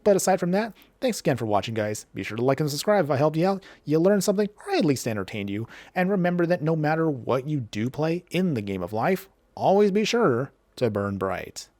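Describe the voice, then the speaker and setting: Excitable man narrating card game plays. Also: fairly high pitch, a little fast, hardly any pauses, dry recording. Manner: excitable, laughs often at his own plays; chatty, addresses viewers directly. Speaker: card game content creator. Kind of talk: gameplay commentary and deck guide.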